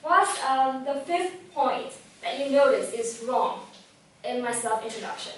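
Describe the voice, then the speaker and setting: A young woman giving a lively talk on public speaking to a live audience, telling a personal story and asking the audience questions. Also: sits high, a little slow. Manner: lively storytelling, acts out quoted thoughts, asks the audience questions. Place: event room with live audience. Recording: very echoey room, voice from far off mic.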